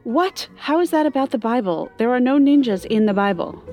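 A woman hosting a scripted kids' game show podcast, playing the brisk, exasperated straight woman. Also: a little high, expressive, warm tone, dull audio, soft background music.

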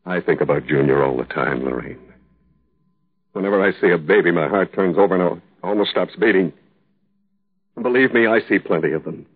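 A man's voice: low voice, a little fast, pauses often, breathy edge. An actor playing a grieving young husband in a 1950s radio drama, earnest and tender as he pleads with his wife. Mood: pleading. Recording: tinny old radio broadcast.

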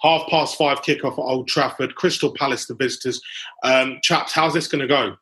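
A man's voice: medium pitch, steady tone, normal speed, bright, forceful tone, poor audio. A man from England hosting a casual football podcast, chatty and joking, calling his guests "chaps" and "mate". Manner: chatty, laughing, ends phrases with "mate" and "chaps". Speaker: podcast host.

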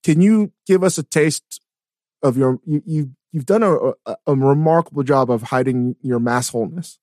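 A man hosting a podcast interview, talking in an excited, casual way with many restarts. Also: mid-range voice, normal speed, no room sound, clean studio sound. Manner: enthusiastic, stammers on restarts. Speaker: podcast host.

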